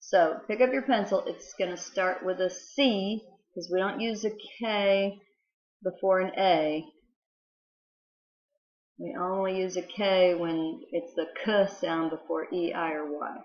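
A woman's voice: lowish voice, takes it slowly, a little mellow. A woman teaching a spelling lesson to young children, patiently sounding out letters. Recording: roomy, dull lo-fi home recording.

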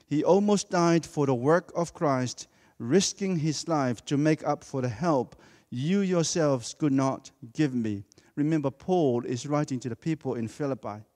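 A man's voice: fairly high pitch, measured pace, few pauses, a little mellow, big-room sound. A man preaching a sermon in a church, speaking emphatically and repeating key words for effect.

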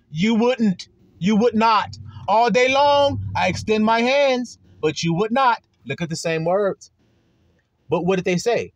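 A man preaching a sermon, reading scripture slowly and stretching the words, then explaining it in blunt, profane street talk. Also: sits high, big pitch swings, dry recording.

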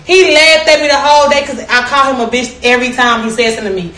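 A woman's voice: high-pitched, steady tone, fast, sharp tone. A young woman telling stories in a casual chat, brash and profane, often laughing. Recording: echoey room with faint noise.

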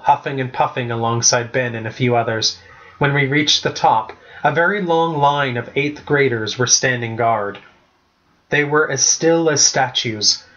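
A man narrating a storybook chapter in the first person, reading steadily at an even pace. His voice sits at an ordinary middle pitch. The recording sounds slightly dull and lo-fi. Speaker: audiobook narrator.

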